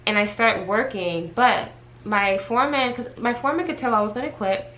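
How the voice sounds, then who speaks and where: A woman vlogger chatting to her viewers in a casual storytime, animated and talkative as she addresses them directly. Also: fairly high pitch, moderate pace, slight background noise, rough recording. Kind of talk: casual storytime chat to camera.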